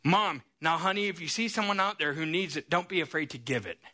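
A man doing a gentle coaxing mom. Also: a little high, a little fast, pitched below the performer's own voice. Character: gentle mother teaching her little boy.

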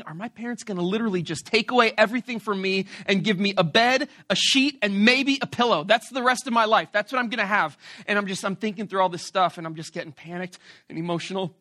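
A male pastor tells a story from the pulpit in a high, bright voice. He delivers it in an animated, playful way and pokes fun at himself. The recording is close and dry. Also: fast, dry recording. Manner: animated, playful, self-mocking. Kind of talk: storytelling sermon.

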